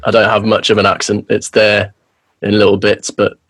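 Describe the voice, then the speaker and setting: English guy in his thirties, lowish voice, earnest and rambling, dry close sound. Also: monotone, normal speed, fairly bright tone, dry recording. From England. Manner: earnest, rambling, self-deprecating. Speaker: guest musician. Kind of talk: casual podcast interview.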